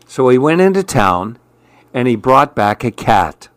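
Slow, rhythmic storybook narrator, man. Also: medium pitch, smooth, no echo. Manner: measured, rhythmic, expressive.

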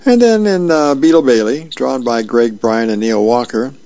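A man volunteer reader reading comic strips and birthdays aloud in a slow, unhurried way with small fillers and restarts. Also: mid-range voice, warm tone, no room sound, highs cut off.

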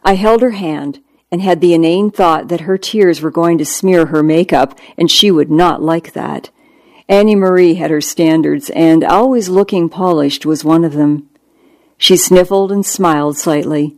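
A hospice doctor reading a first-person memoir aloud, gentle and reassuring in manner. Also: mid-range voice, normal speed, no echo. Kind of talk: audiobook narration.

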